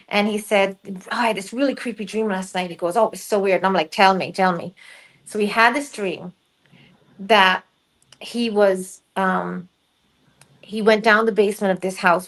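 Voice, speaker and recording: A middle-aged woman, a guest medium, telling a personal story in casual interview chat, lively and acting out the voices she quotes. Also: medium pitch, rough recording.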